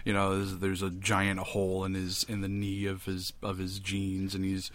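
A man's voice: sits low, monotone, normal speed, crowd noise. Wry joking man on a podcast. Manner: wry, joking, swears casually. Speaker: podcast co-host. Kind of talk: casual movie review chat.

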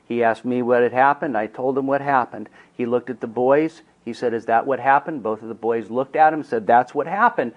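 A middle-aged man teaching counselors through a personal story in a mid-pitched voice. He speaks earnestly and shifts from quiet, hushed passages to emphatic ones. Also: a little fast, few pauses, lo-fi sound.

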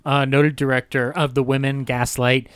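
A man's voice: medium pitch, flat delivery, normal speed, fairly bright tone, smooth, no room sound, studio quality. A man co-hosting a podcast, chatting casually about film history in a jokey way, laughing often. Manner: jokey, laughs often, throws in silly impressions. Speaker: podcast co-host.

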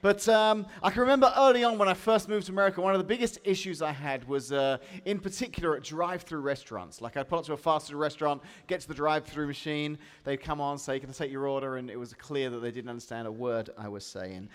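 A man's voice: fairly high pitch, quick pace, few pauses, clear, resonant tone. A man with an English accent, preaching a sermon as a pastor and joking with his listeners. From England. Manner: lively, joking with the audience. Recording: long hall reverb.

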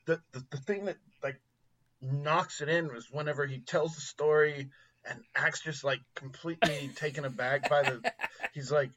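A man chatting casually as a podcast co-host, rambling with halting restarts and frequent laughter. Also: on the high side, steady tone, fairly bright tone. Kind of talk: casual chat about comedy films.

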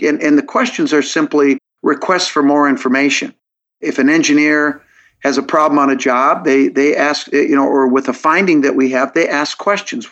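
A slightly high, fairly bright male voice belongs to a guest on a podcast interview. He's earnest and logical, stepping through his thinking and frequently starting sentences again. The sound quality is dull lo-fi.

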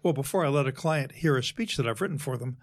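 Man explaining speechwriting in a measured way. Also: mid-range voice, lively intonation. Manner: measured, explanatory, uses worked examples. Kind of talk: conversational interview.

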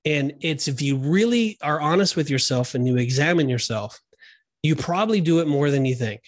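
A man's voice: fairly high pitch, lively intonation, normal speed. A middle-aged man co-hosting a Christian podcast, telling personal stories in an earnest, conversational way with frequent restarts. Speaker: podcast co-host. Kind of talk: Christian discipleship podcast chat.

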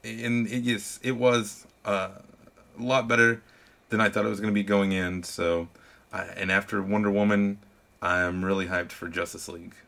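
A man with a somewhat low, gravelly voice talks through a film review in a loose, conversational way. He speaks candidly and earnestly, pausing and restarting in short bursts. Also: level tone, fairly bright tone. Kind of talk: casual movie review chat.

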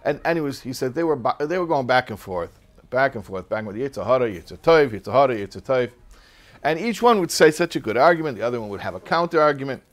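A man's voice: medium pitch, lively intonation, fast. A man teaching a religious text class in a casual, joking storytelling manner.

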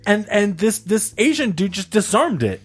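A man on a podcast telling a story in casual chat, animated and swearing, laughing often. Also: high voice, moderate pace, breathy edge, faint music behind. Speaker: podcast co-host.

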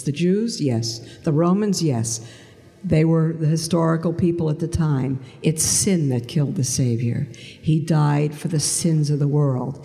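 A woman's voice: deep voice, mellow. A woman giving a spoken faith testimony, earnest and reflective, posing questions and answering them herself. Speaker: speaker sharing her conversion story. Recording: long hall reverb.

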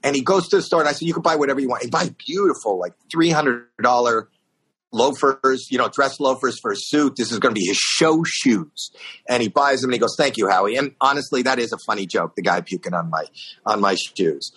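Husky man telling a lively anecdote. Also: medium pitch, brisk. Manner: animated storyteller, acts out voices and shouts. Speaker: guest telling a story. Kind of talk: casual anecdote.

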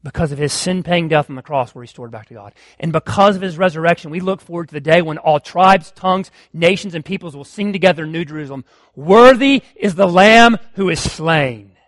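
A male pastor preaching with a high, ringing voice that climbs even higher as he stirs up his congregation. His sermon swings from quick asides to slow, emphatic declarations. The sound is dry and close, with no room echo. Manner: impassioned preaching, rising to loud exclamations.

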